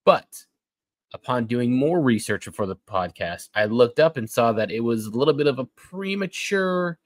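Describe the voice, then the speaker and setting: A man's voice: medium pitch, expressive, moderate pace, dry recording, low-quality recording. A young man co-hosting a casual podcast, laid-back and slangy, running through the news. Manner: laid-back, says dude and bro. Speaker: podcast co-host. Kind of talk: casual chat, reading news.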